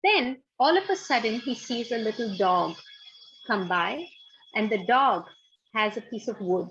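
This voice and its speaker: A woman giving a spiritual talk. She tells a story in an animated way and speaks directly to her listeners. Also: on the high side, unhurried. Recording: dull lo-fi sound.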